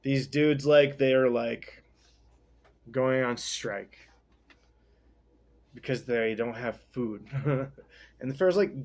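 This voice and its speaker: A man hosting a podcast, casually recapping and reading a novel with slangy, rambling, deadpan asides. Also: mid-range voice, slow pace, pauses often.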